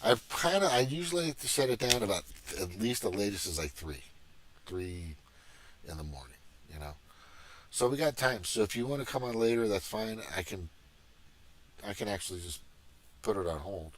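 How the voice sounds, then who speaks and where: Middle-aged male livestream host, low voice, profane rambling rant, agitated. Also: animated, normal speed, long pauses, a little hiss or hum. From Missouri, USA. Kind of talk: casual political rant.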